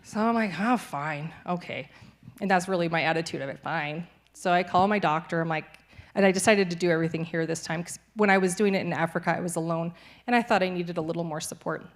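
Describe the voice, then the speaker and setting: A woman's voice: fairly low pitch, fairly even intonation, quick pace. A young adult woman, a missionary, giving a cheerful church testimony and laughing easily through hard news. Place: church sanctuary.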